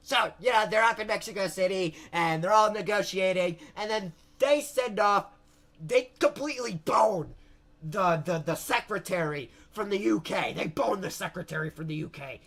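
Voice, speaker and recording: A man's voice: high-pitched, moderate pace, gravelly, a bit bright. A young man narrating history as a crude, rambling comedy bit, mocking and swearing as he goes. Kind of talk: comic history explainer.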